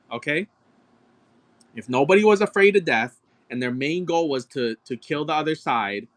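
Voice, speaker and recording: A man running a live-stream card auction, ranting excitedly and cursing as he argues a point with his viewers. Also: mid-range voice. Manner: profane, excitable, argumentative ranting.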